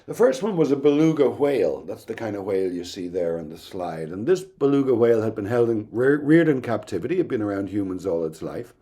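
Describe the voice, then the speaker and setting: A male university lecturer talks through his material in a relaxed, conversational way. His voice sits low and mellow, but his pitch rises and falls a great deal as he adds wry, pointed emphasis. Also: brisk, few pauses. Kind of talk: recorded lecture.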